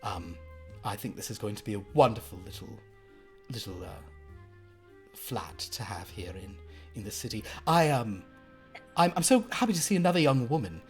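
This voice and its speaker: A woman's voice: a bass voice, animated, normal speed, pauses often, faint music behind. A man voicing a fussy, wealthy woman, breathless and fluttery, stammering and gushing endearments. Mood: chatty.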